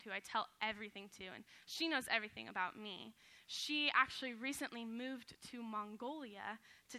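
Bright, high-voiced young woman preaching. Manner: earnest, heartfelt, casual with many fillers. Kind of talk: personal testimony sermon.

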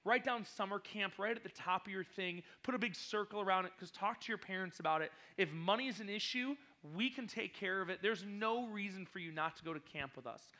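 A man speaking as a youth pastor to a group of kids, energetic and teasing, quizzing the audience with playful questions. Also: high-pitched, brisk, few pauses. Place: church hall.

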